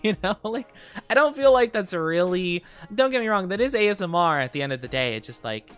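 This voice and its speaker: A young adult woman streaming live, chatting casually and greeting viewers by name, a little tired and quick to giggle. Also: on the low side, lively intonation, clean tone, soft background music. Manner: chatty, reads viewer comments aloud and greets them, giggly.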